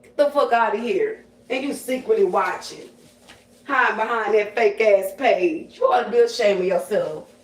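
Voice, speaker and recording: Livestreaming as a psychic medium, a woman delivers a slangy, aggressive rant full of swearing. She talks at normal speed in a mid-range voice, and the mic picks her up distantly in a roomy space.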